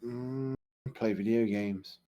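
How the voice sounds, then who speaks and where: A man's voice: fairly low pitch, fairly even intonation, takes it slowly, warm tone, dull audio, a little hiss or hum. A man playing a text adventure as a podcast co-host, hesitant and unsure about what to do. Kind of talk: casual game play chat.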